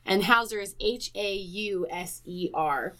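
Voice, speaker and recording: A woman co-host with a bright, sharp voice at a middling pitch. She chats casually and reacts bluntly, swearing freely. Her talk is relaxed and conversational. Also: a little slow. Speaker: podcast co-host. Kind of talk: casual chat.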